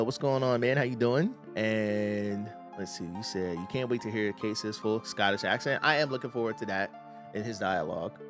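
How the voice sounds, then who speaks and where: A man streaming a game, chatting casually with viewers and reading their comments aloud in a relaxed way, with lots of hedging. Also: on the low side. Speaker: gaming streamer. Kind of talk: casual livestream chat.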